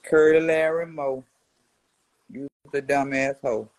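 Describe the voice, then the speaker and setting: A woman in her seventies delivering a profane trash-talking response rant to a rival. She is brash and mocking, and swings between low mutters and loud jabs. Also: level tone, a little slow, background noise. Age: 70s. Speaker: social media personality answering a rival.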